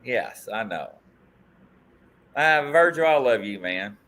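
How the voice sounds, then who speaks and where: A man's voice: mid-range voice, animated, takes it slowly, fairly bright tone. A man hosting a podcast, joking, teasing and laughing as he reads viewer comments aloud. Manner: playful, teasing, laughs often, swoops up and down. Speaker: host.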